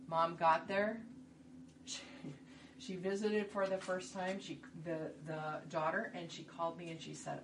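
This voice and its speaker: Workshop presenter, woman with a slightly low voice, chatty and asks "right?" a lot, mic far away. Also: fairly even intonation, a little slow. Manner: conversational, rhetorical questions. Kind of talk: instructional talk. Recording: distant mic, noisy room.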